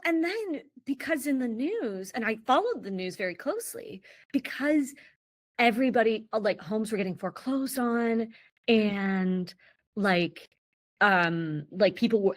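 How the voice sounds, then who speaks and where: A woman's voice: mid-range voice, lively intonation, normal speed, dry recording, clean studio sound. A woman in her thirties from the United States, a podcast guest telling a personal story in a rambling, casual way with many fillers and restarts. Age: 30s. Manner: rambling, full of "like" fillers and restarts, laughs often.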